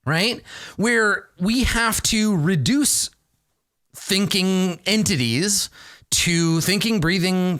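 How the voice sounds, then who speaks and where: A man explains ideas about running tabletop games in an easy, conversational way. His pitch swings widely as he talks, rising and dipping for emphasis. He keeps checking in with a quick "right?" after his points. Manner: animated, ends points with "right?". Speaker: game master advice host. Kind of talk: casual explanatory talk.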